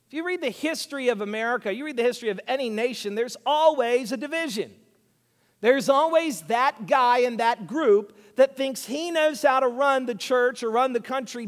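A man with a very high voice preaches a sermon, dropping to quiet asides and then rising to loud, punchy statements. His voice carries a long reverb tail in a large hall. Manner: animated, swinging between hushed asides and loud emphatic lines.

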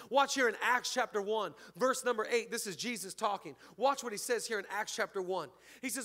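A man, the church's pastor, preaching a lively, joking sermon and calling out to his congregation. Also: high-pitched, brisk, hardly any pauses. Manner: energetic, joking, calls out to the congregation.

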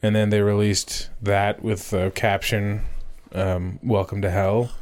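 Man, low voice, blunt, sweary, casual podcast chat. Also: flat delivery, slow, a little mellow. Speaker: podcast co-host.

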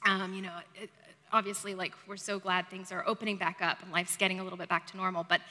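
A woman's voice: on the low side, flat delivery, fast talker, bright, forceful tone, long reverb tail. A woman preacher giving a chatty, self-deprecating sermon in a conversational way. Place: church service.

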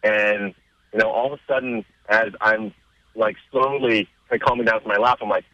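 As an interview guest on radio, this man retells scenes with growing excitement, his voice leaping upward in pitch while he casually spins his stories. His pace is moderate; the recording is dull and free of room sound.

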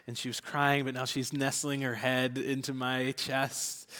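A young man preaching a sermon as a church pastor, earnest and candid, with light laughs, dropping into soft whispers at tender moments. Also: medium pitch, little pitch movement, a little slow, in a large hall.

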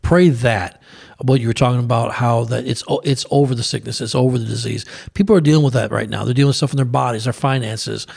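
Gravelly man retelling a Bible story. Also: mid-range voice, fast. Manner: storytelling, animated retelling with asides. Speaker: pastor co-host. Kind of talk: preaching on a talk show.

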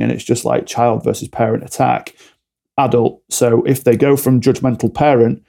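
Gravelly, dark-voiced man. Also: medium pitch, flat delivery, normal speed. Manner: explains with acted-out mini dialogues. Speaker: podcast guest, alcohol-free coach. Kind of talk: candid podcast conversation.

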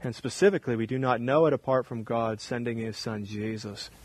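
A man preaching a sermon as pastor in a church, repeating short phrases and swinging from loud emphasis down to hushed, quiet lines. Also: mid-range voice, brisk, breathy edge, dry recording.

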